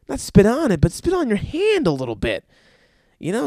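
A man's voice: high voice, huge pitch swings, moderate pace, dark tone, no echo, studio quality. A young man hosting a podcast, telling crude stories and ranting with a lot of profanity. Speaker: podcast host. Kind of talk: crude comedic storytelling podcast.

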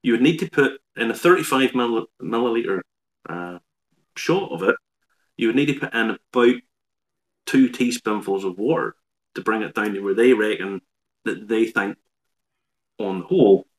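A man, a whiskey expert on a live online show, explaining in a measured way with dry humour. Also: fairly low pitch.

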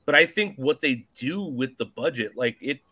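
A man's voice: mid-range voice, animated, normal speed, sharp tone. A man hosting a podcast who rambles casually, steering the talk with many fillers and restarts. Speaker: podcast host. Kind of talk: casual chat.

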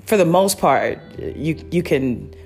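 A woman's voice: deep voice, sing-song, slow, gravelly, a little mellow, faint music behind. A woman hosting a podcast, talking casually in a rambling, chatty way with many fillers and restarts. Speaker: podcast host. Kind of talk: casual solo review chat.

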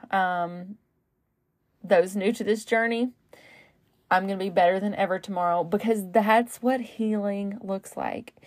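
A woman's voice: medium pitch, darkish tone, dry recording. A woman hosting her own podcast, talking in a rambling, casual way full of fillers and self-corrections. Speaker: podcast host. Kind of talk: casual solo podcast monologue.

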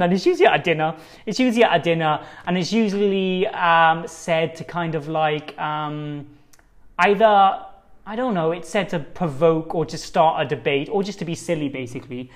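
Rambling, um-filled casual male talker. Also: fairly high pitch. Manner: rambling, filler-heavy, conversational. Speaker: podcast host. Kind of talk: casual solo monologue. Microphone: own microphone.

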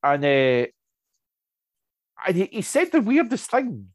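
A man chatting casually and telling anecdotes, lively, with many restarts and asides. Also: sits high, slow pace, dry recording. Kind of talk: casual chat.

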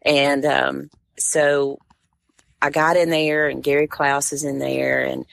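Low, gravelly-voiced woman telling a story. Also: slow pace. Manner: animated storyteller, acts out what others said. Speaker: tournament director, podcast guest. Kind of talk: storytelling in casual conversation.

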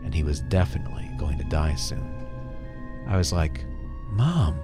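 A man hosting a podcast, narrating a first-person story in a calm, earnest way. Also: a bass voice, normal speed, music in the background.

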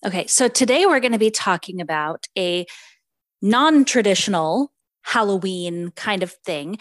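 A woman's voice: mid-range voice, dry recording. A woman co-hosting a podcast in casual chat, chatty and giggly with many fillers, also reading out a book synopsis. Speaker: podcast co-host.

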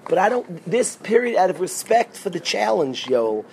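A man teaching an informal Torah class as a rabbi, animated and rising to near-shouts when excited, sprinkling in Hebrew and Yiddish terms. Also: high-pitched, normal speed, gravelly, slight background noise.

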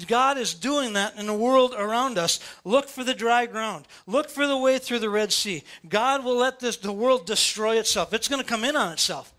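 A male pastor, preaching a sermon in church in an animated, playful way, often asking rhetorical questions. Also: extremely high pitch, normal speed, few pauses.

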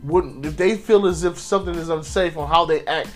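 High-pitched man, heated podcast co-host, talks fast and swears, faint music behind. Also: steady tone. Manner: impassioned, acts out quotes of police and victims; profane, repeats words when restarting. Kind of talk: casual discussion.

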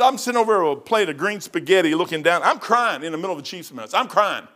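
A middle-aged man preaches informally and weaves in stories from his own life. His voice sits high for a man. He talks in a folksy, emphatic way and keeps throwing in "man.". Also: animated, fast, hardly any pauses, pushed and bright.

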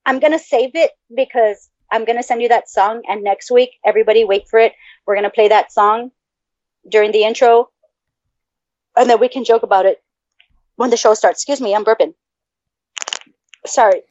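A woman's voice: fairly high pitch, normal speed, long pauses, darkish tone, no echo. A woman co-hosting a podcast in casual chat, swearing freely and laughing often. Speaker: podcast co-host. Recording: dull lo-fi audio.

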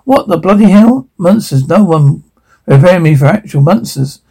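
Guy doing a blunt british lady agent, dry little quips, gravelly mellow tone. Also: sits high, animated, normal speed, exaggerated voice. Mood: brisk. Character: brisk female British wartime agent.

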